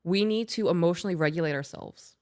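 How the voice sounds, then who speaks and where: A woman co-hosting a podcast, chatting casually and bluntly. She swears freely and laughs her way through stories. Her voice sits a bit low for a woman. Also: fast, a little mellow. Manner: blunt, profane, laughing while storytelling. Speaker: podcast co-host.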